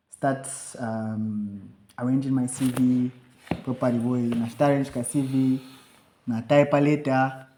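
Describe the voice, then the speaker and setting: A man's voice: mid-range voice, moderate pace, a little hiss or hum. A young man co-hosting a podcast, telling a story in casual chat and acting out the lines of himself and others. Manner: animated, acts out quotes of himself and others. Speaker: podcast co-host. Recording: echoey room.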